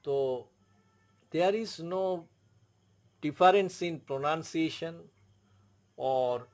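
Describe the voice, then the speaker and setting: A man with an Indian English accent teaching a French lesson, explaining slowly and repeating words and spelled-out letters. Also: medium pitch. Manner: slow, repetitive, spells out letters. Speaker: French tutor. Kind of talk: classroom explanation.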